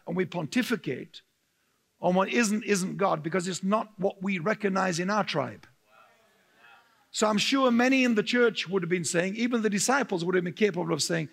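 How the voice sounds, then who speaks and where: A male pastor preaching a sermon, telling stories with humor, laughing often and getting very animated. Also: high-pitched, moderate pace, creaky.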